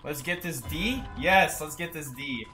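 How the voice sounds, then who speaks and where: A man's voice: fairly high pitch, a little slow, sharp tone, faint music behind. A young man chatting casually and joking while streaming a game and reading chat aloud. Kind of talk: casual gaming stream commentary.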